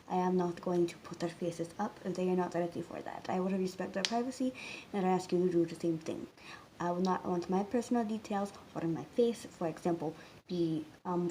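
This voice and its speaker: Woman, mid-twenties, casual vlog chat; quick, apologetic delivery; noisy track with traffic behind. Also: mid-range voice, mellow. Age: 20s. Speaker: vlogger.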